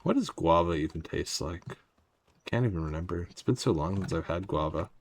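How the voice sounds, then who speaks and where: Low-voiced man rambling over a game. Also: lively intonation, a little fast. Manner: rambling, wry, talks to chat. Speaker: gaming streamer. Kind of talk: casual gameplay commentary.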